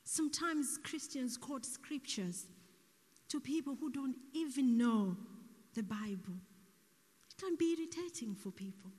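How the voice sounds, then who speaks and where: A soft-spoken woman preaching a sermon, speaking slowly and deliberately and sometimes dropping almost to a whisper, in an echoey church hall. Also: fairly high pitch.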